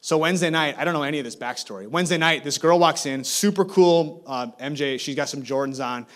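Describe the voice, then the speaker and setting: Man preaching an animated story sermon. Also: fairly high pitch, quick pace. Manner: animated, rising to urgent exhortation. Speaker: campus ministry guest speaker. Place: church service.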